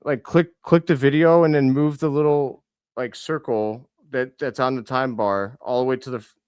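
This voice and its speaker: A man's voice: mid-range voice, clear, resonant tone, no echo. A young man hosting a live basketball reaction stream, calling plays and scolding players as he goes, often correcting himself. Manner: excitable, scolds players aloud, quick self-corrections.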